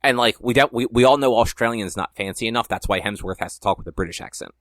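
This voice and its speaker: A young man co-hosts a podcast, rambling through casual chat and leaning heavily on fillers, especially "like." His voice is fairly low and fairly bright, and he talks fast. The sound is clean studio quality with no echo.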